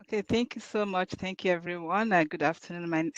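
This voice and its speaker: A man who works as a caseworker giving a formal, measured thank-you speech over dull, lo-fi video call audio. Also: high-pitched, no echo.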